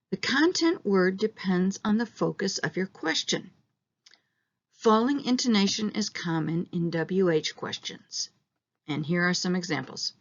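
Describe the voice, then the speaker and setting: A woman teaching an English pronunciation lesson, explaining slowly and modeling example questions aloud. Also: medium pitch, muffled recording.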